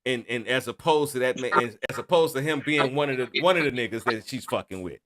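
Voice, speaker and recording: A man's voice: medium pitch, fast talker. A man hosting a podcast discussion, talking over others and pushing to be heard. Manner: interrupting, loud, urging calm. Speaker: podcast host. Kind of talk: heated casual debate.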